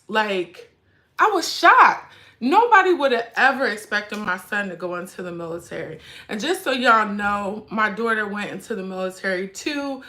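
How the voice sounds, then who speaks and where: A woman's voice: medium pitch, sharp tone. A middle-aged woman hosting a livestream, speaking with her viewers casually and directly while she fights back tears. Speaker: livestream host and mother. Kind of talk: emotional casual livestream chat.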